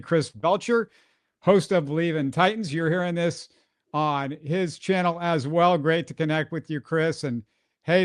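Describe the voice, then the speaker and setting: A man's voice: on the high side, no room sound, clean studio sound. A man hosting a sports podcast in casual talk, wry and joking as he rattles off stats.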